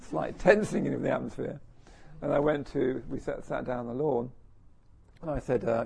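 A man's voice: a little high, slow pace, pauses often. A middle-aged man giving a reflective personal talk to an audience, musing and self-deprecating. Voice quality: gravelly, husky.

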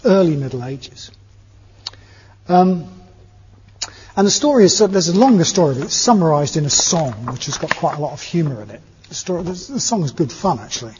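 Breathy man giving a dharma talk. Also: on the high side, darkish tone. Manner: conversational, seeking agreement with tag questions. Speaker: Buddhist teacher. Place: meeting hall with a live audience. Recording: dull lo-fi recording in an echoey hall.

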